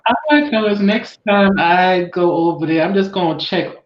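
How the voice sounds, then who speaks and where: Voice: medium pitch, moderate pace, reverberant, lo-fi sound. A podcast co-host in casual chat, speaking bluntly and with plenty of swearing. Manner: blunt and profane.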